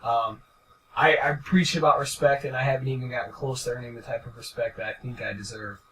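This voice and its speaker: A man's voice: mid-range voice, fast. A young man co-hosting a casual podcast, rambling and swearing as he talks things through. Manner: rambling, profane, animated. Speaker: podcast co-host. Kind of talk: casual chat. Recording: distant mic with faint background noise.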